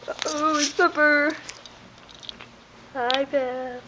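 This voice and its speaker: Woman, home video, very high sing-song pet talk, slow and unhurried, light background noise. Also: animated. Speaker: dog owner filming her pet. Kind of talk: baby talk to a dog. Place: home, indoors.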